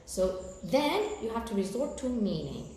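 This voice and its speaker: Algerian-accented woman teacher, mid pitch, patient lesson delivery, faint hiss behind. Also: sing-song, warm tone. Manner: slow, careful explanations with fillers and check-in "okay?". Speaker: English teacher. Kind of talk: recorded televised lesson. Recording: very echoey room with faint background noise.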